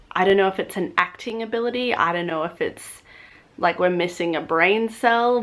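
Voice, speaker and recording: An Australian woman vlogging in an animated, chatty way. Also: mid-range voice. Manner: chatty, animated, drifts into impressions. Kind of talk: casual chat to camera.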